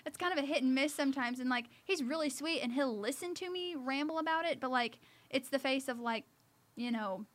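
A woman's voice: high-pitched, fairly quick, hardly any pauses. A young woman hosting a casual chat, rambling with many fillers and laughing often. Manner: rambling, heavy use of fillers.

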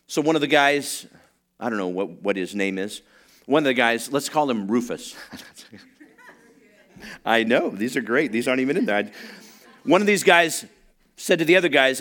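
A middle-aged man preaching a sermon, telling stories with frequent restarts and building to excited, louder passages. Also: mid-range voice, fairly quick. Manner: storytelling with rising excitement, many restarts. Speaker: pastor.

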